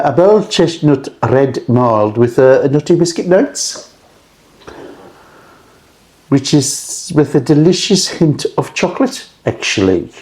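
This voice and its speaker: Man, beer reviewer, casual rambling chat, frank, warm dark tone. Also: medium pitch, creaky.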